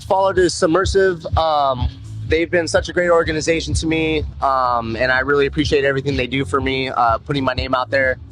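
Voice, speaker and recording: A man's voice: mid-range voice, fairly even intonation, fairly quick, fairly bright tone, soft background music, low-quality recording. A man from Southern California being interviewed as a fighter, talking in a laid-back, slangy way and laughing easily. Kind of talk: casual interview.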